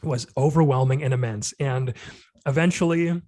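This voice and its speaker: A man's voice: medium pitch, moderate pace, mellow, dry recording. A man in his thirties, a podcast guest, telling a personal story in an earnest, reflective way, full of "like" and "you know". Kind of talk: candid conversational storytelling.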